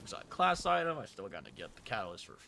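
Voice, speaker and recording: A young man chatting casually while streaming a game, relaxed and swearing a little. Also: fairly low pitch, fast talker, vocal fry, background noise. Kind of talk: casual gaming chat.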